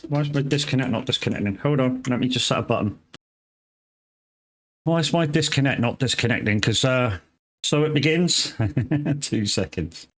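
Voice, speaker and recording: Man, game streamer, casual live commentary, rambling, swears freely, mid-pitched voice. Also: expressive, normal speed, pauses often, slight background noise. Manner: rambling, swears casually, greets chat viewers by name.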